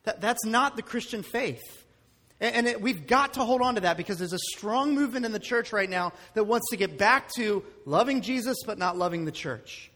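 A man with a high voice preaches a lively, conversational sermon full of rhetorical questions. He speaks from a church sanctuary, and a long reverb rings out after his words. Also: moderate pace. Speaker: pastor.

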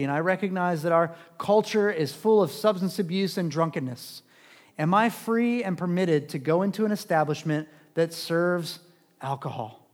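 A man preaching a sermon in a conversational way, asking rhetorical questions and swinging between loud and hushed. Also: high voice. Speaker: pastor. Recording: long reverb of a large hall.

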